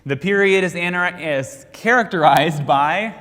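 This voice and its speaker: A man's voice: high-pitched, measured pace, fairly bright tone. An American man teaching a Sunday school class, reviewing Bible history by asking questions and leaving each sentence open for the class to finish. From United States. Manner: quizzing, leaves sentences hanging for the class to finish. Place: church classroom. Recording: long hall reverb.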